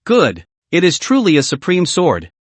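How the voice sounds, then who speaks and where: This is a scornful young officer with big ambitions, as a man acts him out. The speech is brash and cutting, and it jumps widely up and down in pitch. The recording is dry and close. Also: huge pitch swings, moderate pace, no echo. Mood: resolute. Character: bold scheming young male officer, scornful.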